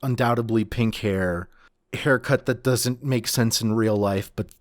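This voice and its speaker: A man's voice: medium pitch, a little slow, no echo, studio quality. A man co-hosting a podcast, casually recapping a comic chapter in a laid-back way, swearing and saying "like" a lot. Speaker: podcast co-host.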